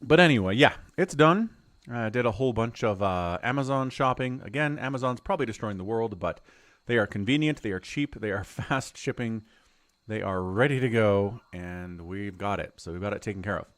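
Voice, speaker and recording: A man's voice: on the low side, moderate pace, a bit bright, no room sound. A middle-aged man streaming a role-playing game, chatting casually and rambling as he explains the story. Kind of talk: casual live-stream commentary.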